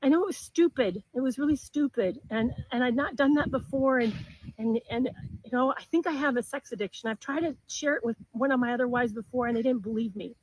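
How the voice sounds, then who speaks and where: A woman quoting her remorseful husband in a stammering, pleading way, a little higher than her own talk. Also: a little fast, breathy edge, no echo, rough recording.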